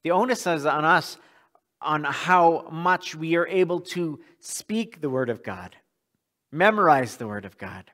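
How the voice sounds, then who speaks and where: A man's voice: a little high, expressive, a little slow, a bit bright. A male pastor preaching a sermon in a church, earnest and often repeating words as he restarts a thought.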